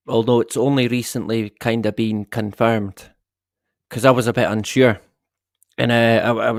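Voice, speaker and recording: A man's voice: medium pitch, dry recording, clean studio sound. A middle-aged man hosting a casual live stream, rambling and swearing with the odd chuckle. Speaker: livestream host.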